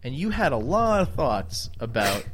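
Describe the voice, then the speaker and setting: A man's voice: mid-range voice, sing-song, moderate pace, a bit bright, a little hiss or hum. A man co-hosting a casual chat, rambling and hedging with many fillers and restarts. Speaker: podcast co-host.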